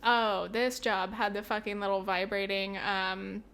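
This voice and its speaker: A woman's voice: medium pitch, level tone, a little slow, fairly bright tone, smooth. A woman hosting a podcast in casual chat, swearing often, laughing, and acting out little scenes with sound effects. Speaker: podcast host.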